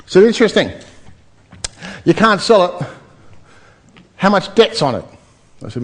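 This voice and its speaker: A man delivers a seminar pitch with lots of energy. His voice sits high for a man, and he keeps throwing questions at the crowd. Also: moderate pace, pauses often. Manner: animated, addresses the crowd with rhetorical questions. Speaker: seminar speaker. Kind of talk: property seminar pitch to a live audience.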